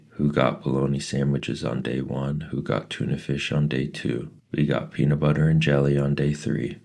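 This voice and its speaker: Very deep, gravelly male reader. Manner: steady, plain storytelling. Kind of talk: reading a novel aloud.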